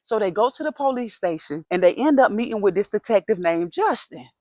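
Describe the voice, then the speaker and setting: A woman's voice: mid-range voice, animated, a little fast, a little mellow, no room sound. Chatty woman telling a storytime tale. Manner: chatty, conversational. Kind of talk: casual storytime narration.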